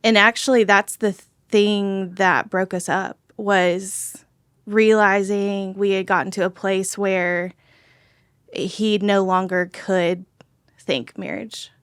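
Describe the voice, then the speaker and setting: A woman's voice: medium pitch, level tone, slow pace, clean tone, no echo. Candid woman recounting, dry close sound. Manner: candid, reflective storytelling. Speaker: guest. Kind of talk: casual podcast chat.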